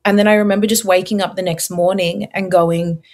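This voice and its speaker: Young woman guest, earnest faith story, chatty with lots of like and um. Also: mid-range voice. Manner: earnest, expressive, quick storytelling with many fillers. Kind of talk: testimony interview.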